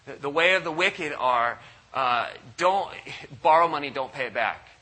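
Guy preaching at church, really bright tense voice, gets animated doing the voices. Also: unhurried, low-quality recording. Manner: animated, acts out quoted voices with big pitch jumps. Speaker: pastor. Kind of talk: sermon. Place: church service.

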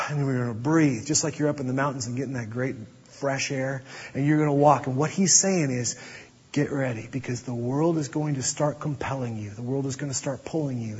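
Husky man preaching in a reverberant hall. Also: medium pitch. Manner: earnest preaching, drops to a hush for emphasis. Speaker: pastor. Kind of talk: sermon. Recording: dull audio with long hall reverb.

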